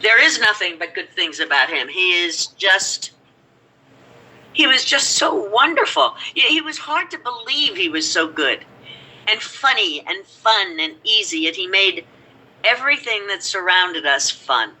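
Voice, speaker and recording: Older woman, bright rambling storyteller. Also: mid-range voice, very animated, measured pace, poor audio. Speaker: actress guest. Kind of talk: casual reminiscing.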